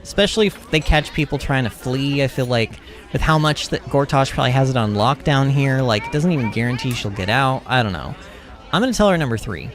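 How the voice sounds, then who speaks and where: Animated young man commentating gameplay. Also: medium pitch, a little fast, crowd noise. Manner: animated, exclaiming, thinking aloud. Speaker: gaming streamer.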